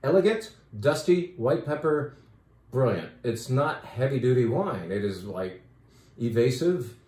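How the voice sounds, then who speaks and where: A man's voice: mid-range voice, animated, a little slow, darkish tone. Brief: enthusiastic male wine shop owner, mid-range voice, chatty and loose, echoey shop room. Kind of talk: casual wine talk video.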